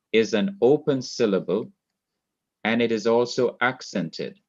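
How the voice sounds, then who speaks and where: A man teaching a Hebrew grammar class, explaining slowly and repeating key points. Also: lowish voice, muffled recording. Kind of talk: online classroom lecture. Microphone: laptop mic.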